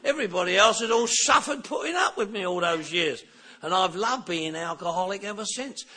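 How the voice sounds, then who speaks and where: Man, high bright voice, animated storyteller who laughs and shouts at the peaks. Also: brisk, slightly rough. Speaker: recovery speaker. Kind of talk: storytelling recovery talk.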